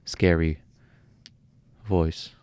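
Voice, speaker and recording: A man's voice: low-pitched, level tone, drawn-out words, a little mellow, clean tone, no echo. A young man in his twenties with an Arabic accent, co-hosting a casual podcast chat with dry, wry asides. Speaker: podcast co-host.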